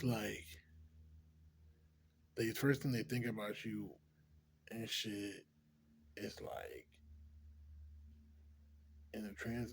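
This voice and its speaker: Here a male vlogger with a lowish voice rambles casually to camera, a little hiss or hum audible in the clip. His talk is profane and packed with "like," and he keeps laughing between ideas.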